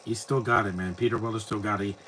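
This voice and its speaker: Male host, casual watch-along commentary, bright forceful voice, opinionated and rambling, faint noise behind. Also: on the low side, steady tone, fast, poor audio.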